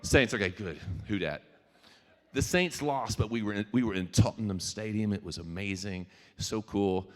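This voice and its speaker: A deep, darkish-toned man from Louisiana speaks at a moderate pace as he works the room. The featured speaker is a singer-songwriter giving a casual keynote to a live audience, joking, veering into tangents, addressing the crowd and swearing freely, with long hall reverb coming off the venue PA.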